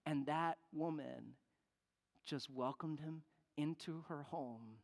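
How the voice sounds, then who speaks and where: A pastor preaching a sermon as an animated storyteller who acts out the people in the story. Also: mid-range voice, takes it slowly, gravelly. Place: church sanctuary. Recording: long church reverb.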